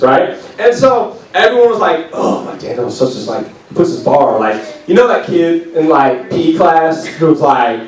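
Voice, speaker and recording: Chatty youth pastor in an echoey room. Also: male voice, high-pitched, distant mic. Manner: chatty, filler-heavy, playful storytelling. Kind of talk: casual youth sermon. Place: youth group meeting room.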